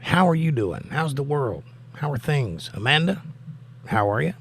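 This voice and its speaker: An older man hosting a live stream, greeting viewers and reading their comments in an upbeat, animated way. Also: fairly high pitch, moderate pace, creaky, slightly rough. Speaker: host.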